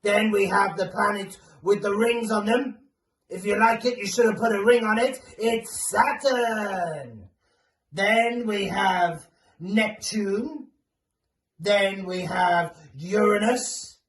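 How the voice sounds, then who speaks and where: A man's voice: high voice, takes it slowly, fairly bright tone. A man voicing Blur, a playful creature who teaches children and asks them to call back answers. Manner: bouncy and playful, calls for audience replies. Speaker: children's presenter. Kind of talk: children's theatre character. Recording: roomy echo, far from mic, faint hiss.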